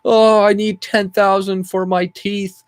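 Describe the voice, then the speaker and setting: A whiny, demanding woman, put on by a man in a shrill, mocking falsetto that jumps high above his own voice. She complains that she is owed money for her teeth. The sound is dry and close. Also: little pitch movement, a little slow, dry recording.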